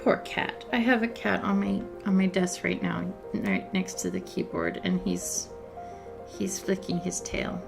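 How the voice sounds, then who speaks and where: A woman's voice: lowish voice, very animated, unhurried, gravelly, music in the background. Chatty woman commenting on a game. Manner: chatty, wry, self-deprecating. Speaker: let's play host. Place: home desk. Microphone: desk microphone.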